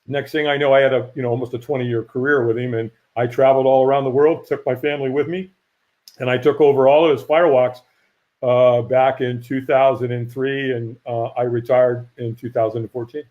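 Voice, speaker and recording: Middle-aged male guest, lively storyteller who acts out quotes; muffled lo-fi call audio. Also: mid-range voice, fairly quick. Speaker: firewalk instructor and guest. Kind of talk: casual storytelling interview. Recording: dull lo-fi audio.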